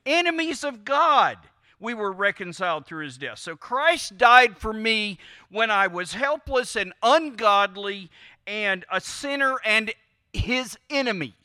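A man preaching in a high, bright voice, talking to his congregation as if in conversation. He keeps prodding them with questions and stretches out the words he wants to land. The sound is dry and close. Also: animated, unhurried, dry recording. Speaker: pastor. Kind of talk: sermon.

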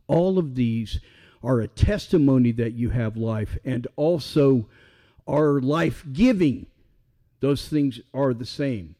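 Middle-aged guy preaching, chatty and easygoing, warm low-key tone. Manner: conversational, asks the audience questions. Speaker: pastor. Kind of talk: sermon.

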